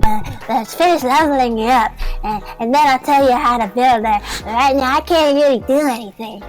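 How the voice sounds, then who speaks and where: High-voiced excitable woman streamer. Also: moderate pace, soft background music. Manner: excitable, mock-outraged. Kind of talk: live-stream game commentary.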